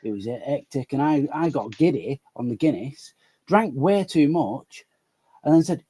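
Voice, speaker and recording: Husky man, rambling. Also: a little high, lively intonation, moderate pace, warm tone. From Manchester area. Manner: rambling, apologetic, sweary. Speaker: guest caller. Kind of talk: casual live chat.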